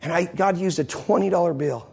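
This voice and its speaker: Male pastor, husky timbre, fervent sermon delivery to a church congregation. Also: sits high, fairly quick. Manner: fervent preaching, many rhetorical questions.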